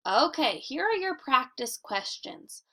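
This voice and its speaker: This teacher's recorded children's grammar lesson comes in a high, bright, forceful voice that is very animated. She speaks clearly and deliberately, easing her pace when modeling reading aloud.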